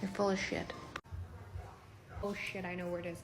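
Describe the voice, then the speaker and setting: A woman's voice: fairly low pitch, little pitch movement, moderate pace, background noise. A woman in her thirties telling funny stories in a casual vlog, chatty and swearing, laughing often. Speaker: vlogger, mom.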